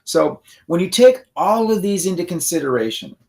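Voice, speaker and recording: A man's voice: sits high, big pitch swings, moderate pace, a little mellow. A middle-aged man co-hosting an instructional conversation, explaining with frequent restarts and checking in with "okay?". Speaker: co-host.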